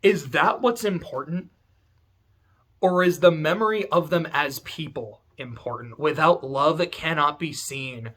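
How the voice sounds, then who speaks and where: Speaking at a measured pace with a fairly bright tone and fairly high pitch, a man hosting a video essay narrates a story from his home room. His commentary is casual and meandering, with plenty of swearing and "like" fillers that keep it chatty.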